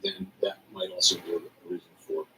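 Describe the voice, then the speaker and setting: A man giving measured, hedging press conference remarks as a central bank official, with frequent fillers. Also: low voice, level tone, sharp tone, far from the mic, slight background noise, low-quality recording.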